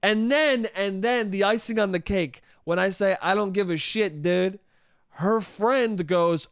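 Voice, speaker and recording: A young man hosting a solo podcast, telling a story in an animated, profane way and acting out the people in it. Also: high voice, a little slow, no echo, studio quality. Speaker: podcast host.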